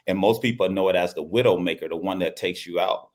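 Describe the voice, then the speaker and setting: A middle-aged man from Louisiana with a low, deep voice tells a personal story as an interview guest. He speaks earnestly and often repeats his phrases. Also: fast talker, a little mellow. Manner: earnest, repeats phrases, acts out quoted speech. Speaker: basketball coach and guest.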